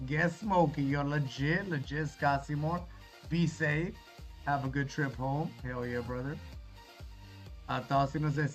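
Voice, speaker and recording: His pitch on the high side and his intonation fairly even, a man goes through viewer messages at a measured pace during a livestream. He's easygoing and reassuring, and he calls everybody brother. Faint music sits under the dull, lo-fi stream sound.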